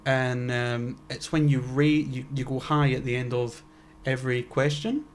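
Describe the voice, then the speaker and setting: A young man co-hosting a laid-back podcast. His voice sits in a middle pitch, and he rambles through his thoughts with plenty of fillers and offhand swearing. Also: steady tone, unhurried, slight background noise. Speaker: podcast co-host. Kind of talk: casual chat.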